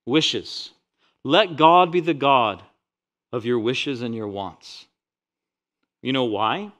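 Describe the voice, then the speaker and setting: A man preaching a sermon as pastor, reading scripture with rising force and dropping into quiet, personal asides. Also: mid-range voice, takes it slowly. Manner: animated preaching, swells loud on scripture quotes; drops to quiet, intimate asides.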